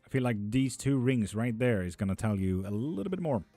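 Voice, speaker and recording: A young man chats loosely on a home live stream, reading viewer messages aloud and swearing freely as he jokes along. His voice sits at an ordinary male pitch, and the sound is dry and close. Soft music plays faintly behind him. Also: big pitch swings, brisk, no echo. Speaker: streamer giving tarot readings. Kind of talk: casual live-stream chat.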